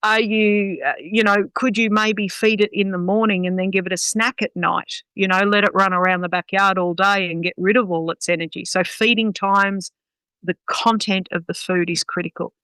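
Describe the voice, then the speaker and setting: A woman talks in a blunt, sweary, matter-of-fact way. Her voice is bright and smooth. The sound is close and dry. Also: medium pitch, fairly even intonation, moderate pace, dry recording, low-quality recording. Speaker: guest dog trainer. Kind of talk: casual podcast chat.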